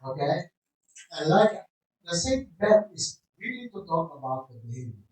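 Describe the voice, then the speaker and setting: A man's voice: a little high, sing-song, moderate pace, a little mellow. Man, lecturer, emphatic, echoey room, distant mic. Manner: emphatic, often asks "right?" and "okay?". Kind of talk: teaching a group session.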